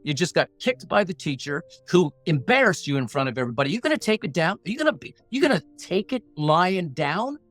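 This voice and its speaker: This podcast guest, a middle-aged negotiation coach, speaks high and sing-song at a quick clip with few pauses and a fairly bright tone. Sharing a personal story, he's earnest, punchy and blunt, plain-spoken and motivational, voicing his inner thoughts aloud. Soft music plays behind him.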